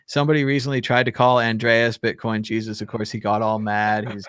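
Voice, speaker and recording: A man's voice: on the low side, flat delivery, a little fast, fairly bright tone, clear, resonant tone, dry recording, clean studio sound. A man hosting a live call-in show, chatting casually, joking and laughing between rambling remarks. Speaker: show host.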